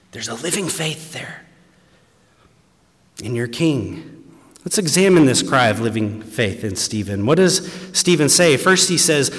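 Slow-speaking preacher man in a reverberant hall. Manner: earnest, swinging between hushed lows and emphatic raised passages. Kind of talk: sermon. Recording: long reverb from a large hall.

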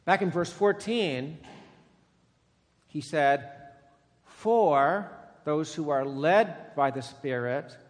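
Preacher in a reverberant hall. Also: male voice, on the high side, lively intonation, very slow, long pauses. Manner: swings between loud emphatic repetition and quiet intimate passages. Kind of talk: sermon. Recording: long reverb of a large hall.

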